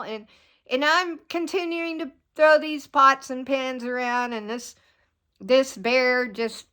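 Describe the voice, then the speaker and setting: A woman telling a long personal story to her viewers in a rambling, animated way. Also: a little high. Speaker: vlogger. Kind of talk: casual storytelling to camera.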